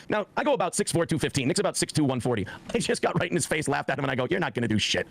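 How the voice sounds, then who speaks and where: A man's voice: fairly high pitch, animated, very fast, gravelly, few pauses, slight background noise. A man in his forties telling a heated personal story on a podcast, swearing often and acting out what others said. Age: 40s. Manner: profane, heated, acts out quoted speech.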